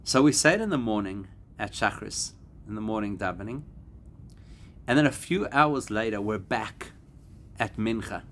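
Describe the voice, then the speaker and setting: A man, a rabbi, giving a Torah class to a live audience, animated and climbing to emphatic peaks. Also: lowish voice, normal speed, a little hiss or hum. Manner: animated, rising to emphatic peaks and acting out quoted voices.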